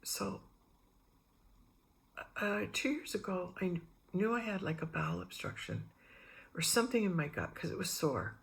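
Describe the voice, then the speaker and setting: A woman's voice: on the low side, moderate pace, vocal fry, pauses often. A middle-aged woman vlogging about spiritual matters, telling meandering personal stories and acting out the voices of the people in them. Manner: meandering, animated re-enactments with quoted voices. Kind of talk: rambling personal storytelling.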